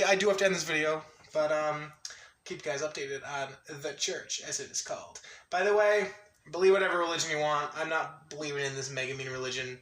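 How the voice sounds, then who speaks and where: Bright, giggly guy vlogging, voice a bit high, recorded in a roomy space off-mic. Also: fast, recorded from a distance. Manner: excitable, laughs often, restarts sentences. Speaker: anime vlogger. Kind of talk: casual rambling monologue.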